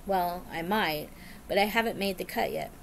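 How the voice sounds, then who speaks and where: Chatty, excitable woman vlogger. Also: fairly low pitch, moderate pace, vocal fry, a little hiss or hum. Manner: chatty and rambling, bubbly and excitable. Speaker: cross-stitch vlogger. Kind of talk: casual chat to camera.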